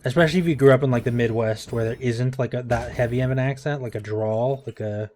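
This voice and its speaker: A man's voice: medium pitch, fast, a little mellow, a little hiss or hum. A man streaming himself playing a game, talking casually and rambling, often correcting himself mid-sentence. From United States. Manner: rambling, self-correcting, chatty asides. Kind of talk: casual commentary over gameplay. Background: music in the background.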